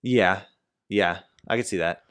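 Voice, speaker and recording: A man co-hosting a sports podcast in casual, profane chat, excitable and quick to shout. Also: sits low, clear, resonant tone. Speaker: podcast co-host.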